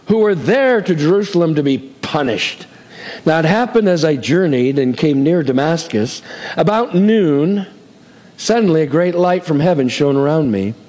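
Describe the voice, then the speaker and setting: A man preaching a sermon in an animated way, acting out the voices in the scripture he reads. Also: a little high. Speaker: pastor. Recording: hall reverb.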